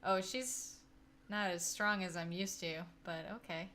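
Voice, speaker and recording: A woman's voice: on the low side, fairly even intonation, a little slow, sharp tone. A woman playing on a board game stream, casual and bubbly, with playful exclamations. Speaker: board game show player. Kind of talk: casual play on a live stream.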